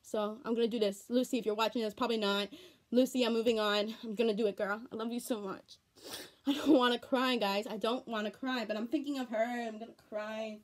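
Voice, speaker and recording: A woman's voice: a little high, steady tone, a little fast. A teenage girl chatting casually in a home vlog, rambling and repeating herself in an earnest way. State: tearful, on the verge of crying. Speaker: vlogger.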